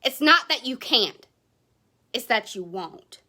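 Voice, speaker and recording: A woman's voice: fairly high pitch, lively intonation, slow pace, bright, forceful tone. A woman, giving a blunt, passionate motivational talk to her sales team. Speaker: direct sales team leader.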